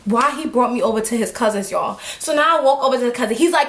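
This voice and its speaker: A woman's voice: a little high, fast, hardly any pauses. A young woman vlogger casually telling a story, acting out what people said and laughing often. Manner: animated, acts out quotes, laughs often. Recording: echoey room.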